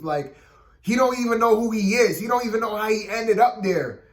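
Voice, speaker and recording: Casual reviewer, male, higher register, loose filler-heavy delivery, roomy echo. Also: moderate pace. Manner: rambling, filler-heavy, keeps saying "you know what I mean". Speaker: TV episode reviewer.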